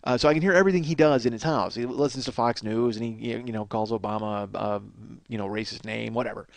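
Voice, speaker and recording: A man's voice: medium pitch, fast talker, no echo. A man hosting a comedy podcast, rambling through a profane, self-mocking monologue from a small apartment. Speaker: podcast host.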